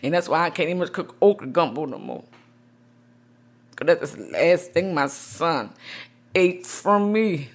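Gravelly New woman, soft-spoken. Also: fairly low pitch, animated, a little slow, long pauses. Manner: soft-spoken, emotional, many "you know"s. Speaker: grieving mother, support group founder. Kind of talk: news interview.

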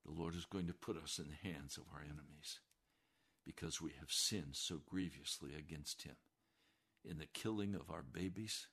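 A man's voice: rumbling low, moderate pace, breathy edge. Impassioned male preacher delivering a sermon. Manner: impassioned, swings between hushed warnings and raised declarations.

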